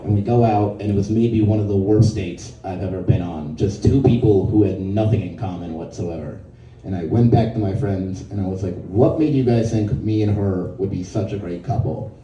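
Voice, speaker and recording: A man doing a stand-up set, telling stories casually and dropping into lower voices to quote people. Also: normal speed, dark tone, echoey room, recorded from a distance, highs cut off, a little hiss or hum. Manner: conversational storytelling, quotes others in a lower voice. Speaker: stand-up comedian. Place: comedy venue with a live audience.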